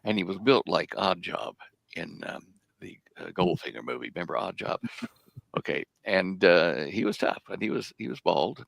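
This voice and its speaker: A man's voice: low-pitched, lively intonation, moderate pace, gravelly, no echo. An older man, a guest in an interview, telling long stories with many hesitations. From United States. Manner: rambling anecdotes full of hesitations. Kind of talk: casual storytelling in an interview.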